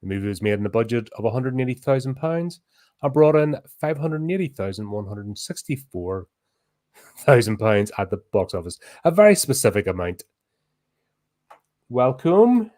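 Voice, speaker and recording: A middle-aged man, co-hosting a podcast in casual chat, loud and animated, laughing easily. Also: on the low side, a little fast. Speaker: podcast co-host.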